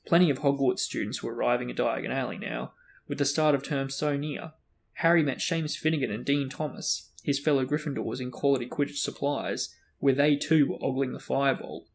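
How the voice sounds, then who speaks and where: Man, gravelly voice, reads a novel aloud, acts out the dialogue, chatty asides. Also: medium pitch, steady tone, a little fast. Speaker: book discussion host reading aloud.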